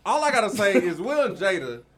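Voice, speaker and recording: A man's voice: sits high, very animated, a little fast. A man on a casual podcast who presses his point and repeats it. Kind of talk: casual group chat.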